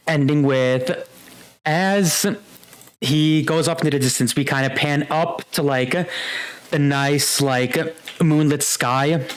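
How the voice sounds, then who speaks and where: A man's voice: fairly high pitch, smooth, low-quality recording. A young man narrating as game master of a tabletop game, rambling with many fillers.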